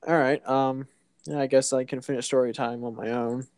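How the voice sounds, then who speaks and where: A man hosting a casual comic book recap, rambling along with halting restarts and fillers. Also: medium pitch, flat delivery, darkish tone, no echo, clean studio sound. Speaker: host.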